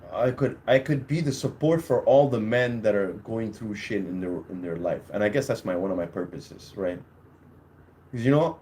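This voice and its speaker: A man's voice: medium pitch, darkish tone. A young man hosting a podcast on his own, talking casually and crudely in a rambling way and laughing at his own stories. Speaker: podcast host. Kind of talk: casual solo podcast talk.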